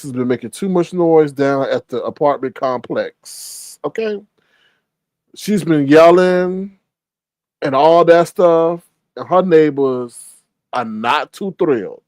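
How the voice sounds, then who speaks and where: A man hosting a casual gossip commentary, retelling a story with animated exclamations. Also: fairly high pitch, dry recording. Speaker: commentary show host.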